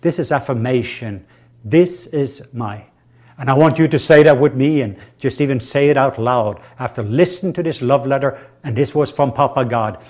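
Male preacher, mid-pitched, tender and hushed in prayer, rising in proclamation, leads repeat-after-me affirmations. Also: brisk, hardly any pauses. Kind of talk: sermon with prayer and call-and-response affirmations.

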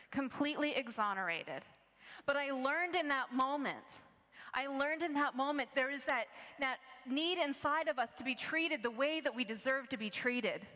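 A woman's voice: fairly high pitch, bright, forceful tone, long reverb tail. A woman preaching a sermon, telling stories earnestly and restarting her phrases often. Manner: earnest storytelling, many restarts.

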